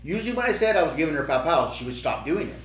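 A middle-aged man telling a story in casual chat, lively and acting out the quotes. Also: fairly high pitch, rapid-fire. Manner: animated, acts out quotes. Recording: roomy room echo with faint hum.

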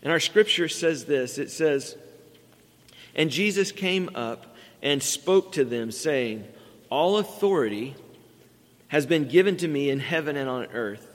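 A man's voice: a little high, animated, measured pace. A middle-aged man preaching a sermon as pastor, earnest and building emphasis on key words. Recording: long reverb from a large hall.

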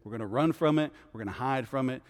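A guest pastor teaches a Bible study in a fast, mid-range voice, keeping it conversational and frequently checking in with his listeners. The recording carries a long hall reverb.

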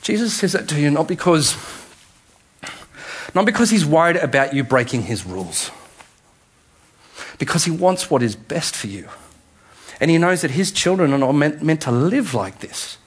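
A pastor delivering a sermon in a conversational way that builds to emphatic, repeated appeals. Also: male voice, on the high side, animated, moderate pace, pauses often, husky. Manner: conversational preaching, rising to emphatic repetition.

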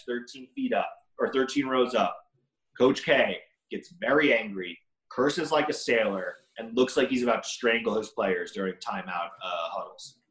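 A man's voice: medium pitch, fairly bright tone. Blunt, profane young man in an echoey room. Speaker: podcast co-host. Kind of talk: casual chat.

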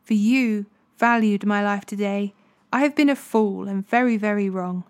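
A woman's voice: medium pitch, normal speed, clear, resonant tone, lightly acted. A woman reading as repentant king Saul. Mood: contrite.

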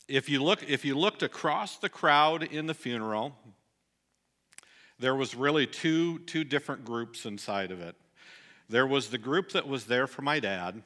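A middle-aged man delivering a sermon, telling a personal story earnestly and dropping soft and low at the sad moments. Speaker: pastor.

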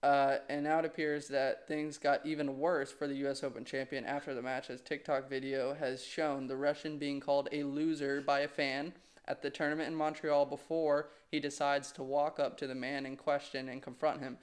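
A man's voice: mid-range voice, flat delivery, moderate pace. A young man co-hosting a casual podcast chat, reading news items aloud and laughing often. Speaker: podcast co-host.

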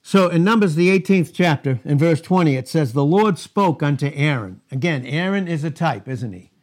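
A male pastor delivering an expository sermon, his somewhat high voice swinging up and down with a lively, animated melody. He reads old-style scripture aloud, then drops into chatty asides and rhetorical questions to the congregation. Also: moderate pace. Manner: reads scripture aloud in King James phrasing.

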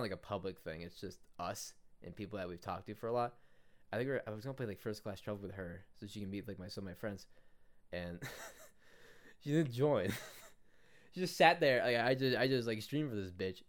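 Podcast host, swearing young guy, lowish voice, loose rambling anecdote with laughs. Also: brisk. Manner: profane, laughing, mocking impressions. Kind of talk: casual storytelling rant.

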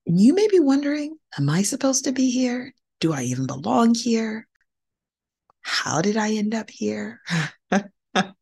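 A woman's voice: deep voice, gravelly, darkish tone. A woman hosting a podcast, giving an earnest, emphatic motivational talk and repeating key phrases for encouragement. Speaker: podcast host and hematologist.

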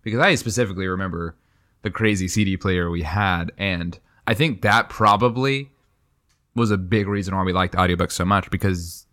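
Young male podcast co-host, low voice, casual chatty delivery with lots of asides. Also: moderate pace. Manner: chatty, animated, jumps between asides. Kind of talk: casual chat.

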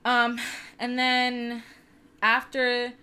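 A woman's voice: on the high side, monotone, extremely slow, sharp tone, clean tone. Candid, profane young woman storyteller. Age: 20s. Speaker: podcast co-host. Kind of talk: casual storytelling chat.

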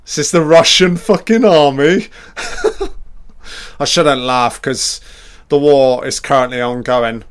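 Excitable man reacting to a film. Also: medium pitch, a little slow, smooth. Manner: excitable, heavy swearing, reacts aloud to the screen. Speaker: film commentator. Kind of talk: casual film commentary.

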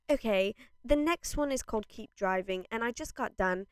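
A young woman talks through her reaction to an album in a casual, effusive way, laughing often and jumping from squeals to quiet asides. Her voice sits a little high and comes across smooth and clear. The mic is close and dry. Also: unhurried, few pauses, no room sound. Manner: effusive, laughing, swinging between excitement and hushed asides.

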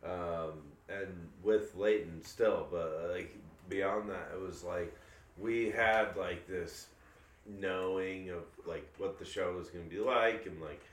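Deep-voiced man rambling in a roomy space. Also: slow pace, recorded from a distance. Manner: rambling, thinks aloud with fillers. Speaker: band member. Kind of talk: casual chat. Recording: roomy, off-mic.

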